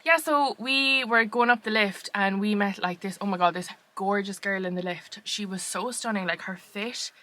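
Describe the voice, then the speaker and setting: A woman's voice: mid-range voice, moderate pace, few pauses, bright, forceful tone. A young Irish woman co-hosting a podcast, telling a long story in a rambling, chatty way full of fillers. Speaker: podcast co-host. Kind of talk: casual chat.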